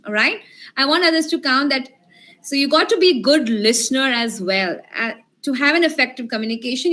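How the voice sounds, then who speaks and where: A woman's voice: sits high, pushed and bright. A woman leading an online workshop, encouraging the group and asking them questions. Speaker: communication skills trainer. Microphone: video call.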